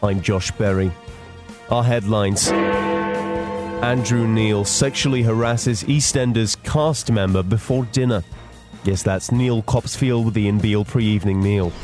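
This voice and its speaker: A man hosting a comedy show, reading spoof news headlines in a deadpan, mock-serious way. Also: on the low side, slow. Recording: loud music bed behind voice.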